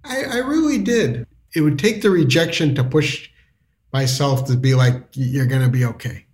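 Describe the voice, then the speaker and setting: Male storyteller, casual and rambling, mid-pitched. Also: normal speed, darkish tone. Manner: rambling, restarts, lots of "like". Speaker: storyteller guest.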